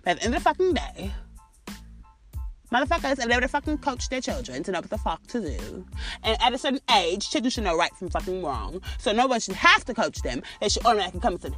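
A woman's voice: medium pitch, sing-song, fast, a bit bright, faint music behind. A British woman hosting a podcast, ranting in foul-mouthed, indignant commentary full of rhetorical questions. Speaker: podcast host.

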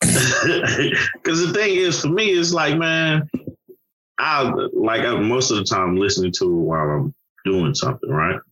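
A man's voice: medium pitch, a little slow, bright, forceful tone, husky, dull audio. A man in casual conversation about an album, hesitant and often rephrasing himself. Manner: hesitant, rephrases, many fillers. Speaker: podcast co-host. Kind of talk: casual music review chat.

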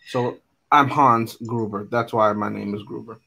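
A man's voice: fairly low pitch, steady tone, normal speed, gravelly, sharp tone, husky. A man co-hosting a podcast, chatting casually about a movie with wry, joking asides. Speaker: podcast co-host.

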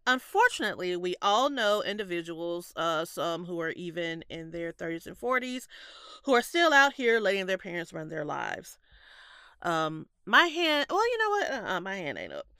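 A woman in her thirties, congested and stuffy-nosed, chatting casually as a podcast co-host with lively storytelling and frequent laughs. Her voice is bright, smooth and clear, close and dry with no room sound. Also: lowish voice, moderate pace, no echo. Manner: laughs often, animated storytelling. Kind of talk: casual chat.

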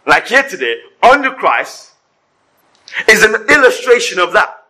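Husky, lively preacher. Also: male voice, high voice, unhurried, pauses often, low-quality recording. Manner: animated preaching with humorous asides. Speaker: pastor. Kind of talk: sermon. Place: church service before a congregation.

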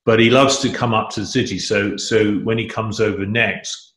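A man's voice: lowish voice, fairly even intonation, moderate pace, fairly bright tone. A middle-aged man chatting as a guest in a casual conversation, enthusiastic and rambling, with many restarts. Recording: echoey room.

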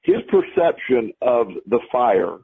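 A man's voice: medium pitch, very animated, takes it slowly, breathy edge. A man co-hosting a podcast, telling a story in a rambling way and repeating his words as he starts sentences. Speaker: podcast co-host. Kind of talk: casual conversation, storytelling. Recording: lo-fi phone-like audio.

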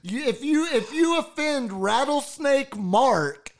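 A man co-hosting a podcast, dropping wry, deadpan quips and laughing at the story. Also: very high-pitched, slow pace. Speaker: podcast co-host. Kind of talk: casual chat.

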